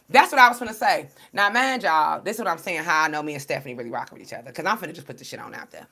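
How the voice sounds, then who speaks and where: A woman who reads tarot cards, talking straight to her followers in a blunt, profane, slang-heavy and animated monologue. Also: deep voice, gravelly. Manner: storytelling, addressing followers as y'all. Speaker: tarot card reader. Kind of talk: casual direct-to-camera monologue.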